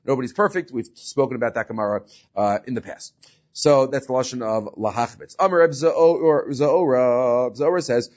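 In a slightly dull lo-fi recording, a man teaches a Talmud class at normal speed, walking through the material step by step. His medium-pitched voice has a darkish tone, and he often checks in with "right?" while mixing in Hebrew and Aramaic terms.

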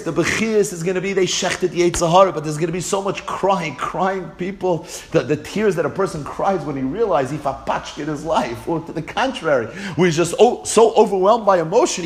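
A man teaching a Gemara class, chanting the Aramaic text and then explaining it in Yeshivish English with rhetorical questions. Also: on the high side. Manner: rhetorical questions, rising to emphatic peaks. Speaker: Talmud teacher.

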